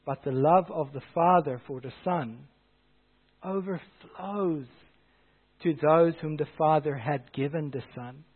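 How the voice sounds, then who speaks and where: High-voiced preacher on a tinny line. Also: male voice, a little slow, breathy edge. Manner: earnest preaching, swelling louder on key phrases. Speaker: pastor. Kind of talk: sermon. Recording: tinny phone-like sound.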